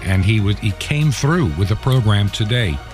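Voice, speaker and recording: Low-voiced man hosting a radio talk show. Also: lively intonation, moderate pace, darkish tone, faint music behind.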